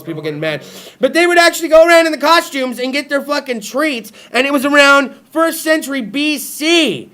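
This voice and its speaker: Foul-mouthed young dude doing a rowdy talk show bit, high and raspy. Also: male voice, sharp tone. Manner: profane, rowdy, teasing his co-host. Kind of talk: crude comedic talk show monologue.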